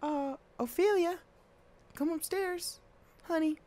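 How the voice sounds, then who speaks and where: A man doing a soft falsetto mom. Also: takes it slowly. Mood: soothing. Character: patient mother, woman, soothing.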